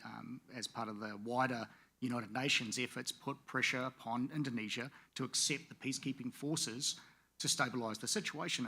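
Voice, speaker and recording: A man in his forties from the Pacific Islands gives a formal panel speech with a bright, forceful voice. He is measured and fills his pauses with "uh". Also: medium pitch, breathy edge. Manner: measured, with frequent "uh" fillers. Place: conference venue.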